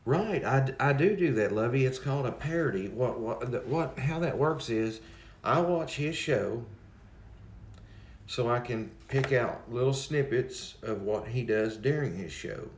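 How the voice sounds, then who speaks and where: A man's voice: medium pitch, unhurried, reverberant, a little hiss or hum. A man hosting a livestream, chatting casually and rambling as he greets viewers in the chat by name. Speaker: livestream host.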